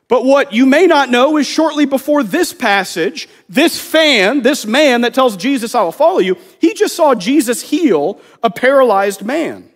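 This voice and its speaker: A man's voice: very high voice, expressive, moderate pace, few pauses. A man preaching a sermon in a conversational way, acting out the voices of people he quotes. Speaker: pastor.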